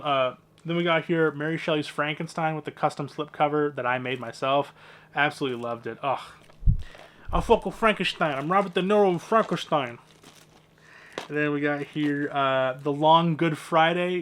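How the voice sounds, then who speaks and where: A man's voice: on the high side, fairly bright tone. A man casually walking through his movie collection, talking in a rambling, offhand way with lots of fillers and the odd swear.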